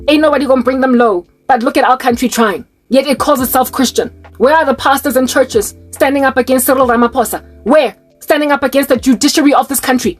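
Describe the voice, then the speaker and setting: A young South African woman, an online Christian preacher with a high voice and a South African accent, preaches fervently in a personal monologue. She speaks briskly with hardly any pauses, fires off rhetorical questions, and mixes in local-language phrases while faint music plays behind her.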